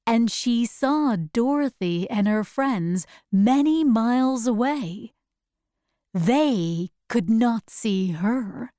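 A woman narrating a storybook chapter in clear, deliberate, simple phrasing. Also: on the high side, warm tone, no room sound, clean studio sound. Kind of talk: slow storybook read-aloud.

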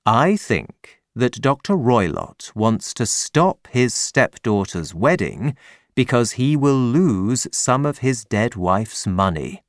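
A man reading an audiobook, voicing a calm, clever detective with a measured, dryly ironic manner. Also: mid-range voice, no echo, studio quality.

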